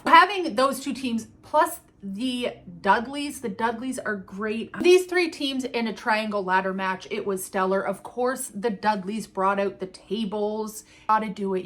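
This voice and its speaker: A woman's voice: medium pitch, a bit bright. A woman chatting casually and enthusiastically as she reviews a wrestling event, with the odd casual swear.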